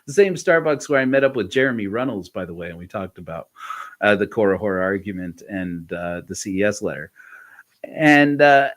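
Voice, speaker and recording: A middle-aged man hosting a podcast, telling a story in a loose, rambling way, acting out the dialogue and chuckling often. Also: moderate pace. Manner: animated, reenacts dialogue with jumps in pitch. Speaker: podcast host. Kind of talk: casual storytelling chat.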